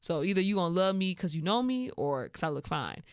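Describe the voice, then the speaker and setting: A young woman from Chicago with a Chicago accent, hosting a podcast and telling a story in a casual, animated way, acting out what people said. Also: on the low side, a little fast, clean tone, no room sound, clean studio sound. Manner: animated, acts out quoted voices with laughs. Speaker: podcast host.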